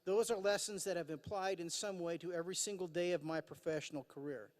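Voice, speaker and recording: A man's voice: a little high, steady tone, fast. A man in his fifties giving a formal commencement address from a podium. He talks earnestly with dry self-deprecating humor and frequent "uh" fillers. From Idaho, USA. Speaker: commencement speaker. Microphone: podium microphone. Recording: long hall reverb.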